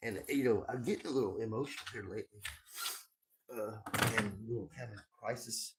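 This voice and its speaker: A man's voice: on the low side, a little fast, noisy background. A middle-aged man rambling at home on a livestream, swearing often and repeating his words as he goes. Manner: rambling, profane, repeats himself. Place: at home indoors.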